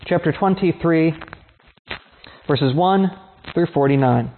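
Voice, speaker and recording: A man giving a measured, solemn liturgical scripture reading. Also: a little high, slight background noise. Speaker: scripture reader. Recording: tinny phone-like sound.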